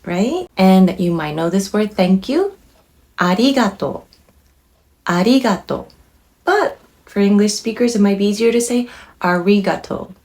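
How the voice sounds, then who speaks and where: A young woman from Japan gives a pronunciation lesson in a clear, patient manner. She models each word slowly so her learners can repeat after her. Her voice sits at an ordinary middle pitch. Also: darkish tone. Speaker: language teacher.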